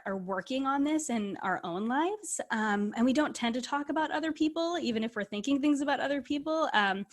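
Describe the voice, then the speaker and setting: A woman hosting a podcast, speaking earnestly and thoughtfully with many small fillers as she talks. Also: medium pitch. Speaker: podcast host and health coach. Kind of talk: casual conversational interview.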